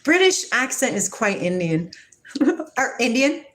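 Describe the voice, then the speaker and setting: This livestream host, a woman in her forties from Washington state, USA, keeps her spiritual stream casual, softly and warmly reading comments and laughing a lot. She speaks a little slowly in a fairly high, very animated voice.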